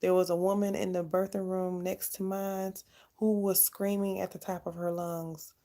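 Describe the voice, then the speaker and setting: A woman's voice: medium pitch, flat delivery, moderate pace, dark tone. A young woman casually telling her own story to the camera, candid and chatty. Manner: candid, chatty, laughs often. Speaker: vlogger.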